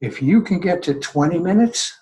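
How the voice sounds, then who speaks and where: A man's voice: high-pitched, moderate pace, rough recording. Earnest older man guest. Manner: earnest, acts out people's words in lively voices. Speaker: podcast guest. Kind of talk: conversational advice-giving.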